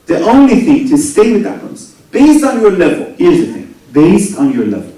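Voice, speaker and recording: A man preaching a sermon, swinging between loud rising lines and soft low asides, often asking the audience questions. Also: moderate pace. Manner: animated, rising and dropping to near whispers, asks the audience questions. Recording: very echoey hall, voice from a distance.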